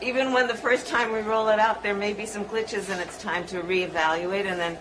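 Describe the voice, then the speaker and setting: A woman's voice: mid-range voice, steady tone, a little fast, background noise. A woman politician in public speech clips, with casual, folksy phrasing.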